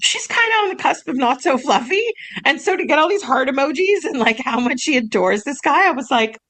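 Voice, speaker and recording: A woman's voice: sits high, animated, brisk, a bit bright. Bubbly young woman podcast co-host. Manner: bubbly, laughs often, gets choked up. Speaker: podcast co-host, massage business owner. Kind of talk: casual chat, reading emails aloud.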